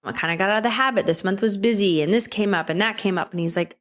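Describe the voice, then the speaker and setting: A woman's voice: mid-range voice, fast. Woman host, solo podcast monologue, conversational and chatty, mid-range voice. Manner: chatty and conversational, asks "right?" often.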